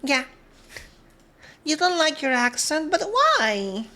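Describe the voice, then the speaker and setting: A woman's voice: sits high, very animated, slow, pushed and bright. A woman streamer, chatting casually with her viewers and greeting them one by one. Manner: chatty, greets viewers one by one, switches between English and Spanish.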